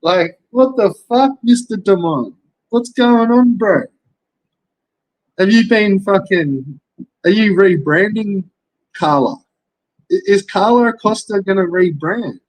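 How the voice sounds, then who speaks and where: A man's voice: high voice, animated, slow, pauses often, no room sound, poor audio. An Australian man, a young adult, ranting in casual commentary, swearing constantly and rambling through rhetorical questions. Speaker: commentary streamer.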